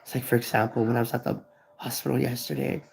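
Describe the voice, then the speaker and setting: Grieving gravelly-voiced man in his thirties. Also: medium pitch, little pitch movement, fast, low-quality recording. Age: 30s. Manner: rambling, profane, repeats himself. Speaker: vlogger. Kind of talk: emotional live stream talk.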